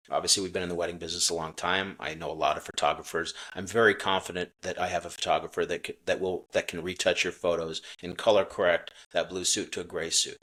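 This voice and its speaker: A middle-aged man, a company chief, telling a customer-service story in a relaxed interview with earnest restarts. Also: low voice. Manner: earnest, acts out quoted dialogue, many restarts. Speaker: menswear company CEO, podcast guest. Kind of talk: casual interview talk, storytelling.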